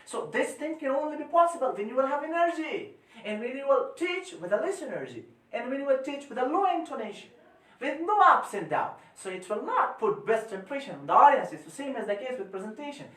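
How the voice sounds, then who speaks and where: Guy teaching a class, loud and emphatic, kinda far from the mic, room echoes a lot. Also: very high voice, very animated, brisk. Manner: emphatic, repeats phrases, forceful rises and drops. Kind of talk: energetic classroom lecture.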